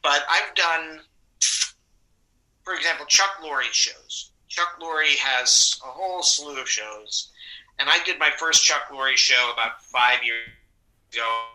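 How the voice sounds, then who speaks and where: Casting note: New York man, sharp bright tone, chatty guest who loops back and corrects himself. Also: a little high, slow, rough recording. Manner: rambling, self-correcting anecdotes. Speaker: actor guest. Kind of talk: casual interview talk.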